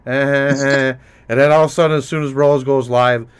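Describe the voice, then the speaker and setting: A man's voice: mid-range voice, steady tone, measured pace, clean tone. A man hosting a casual profane chat show with a Minnesotan accent, rambling and laughing as he mocks others. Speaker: host.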